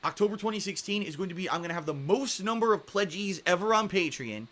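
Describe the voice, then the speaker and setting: A man's voice: sits high, animated, fast, sharp tone. A man speaking straight to his viewers in a vlog monologue, earnest and aggrieved, pressing his points with emphasis. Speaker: YouTuber addressing his viewers. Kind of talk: direct-to-camera vlog monologue.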